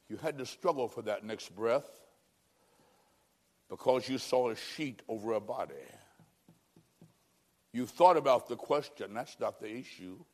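A man preaching an evangelistic sermon, telling a story and pleading with dramatic swings between loud and hushed. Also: on the high side.

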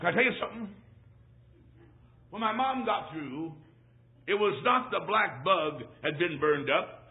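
A man preaching a sermon as a traveling evangelist, telling a funny childhood story in a folksy, animated way and bursting into shouts. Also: high voice, measured pace. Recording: tinny phone-like lo-fi recording.

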